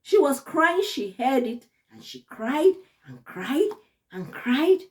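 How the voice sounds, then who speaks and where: High-voiced woman telling a personal story. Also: slow. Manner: expressive, earnest and emotional. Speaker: vlogger.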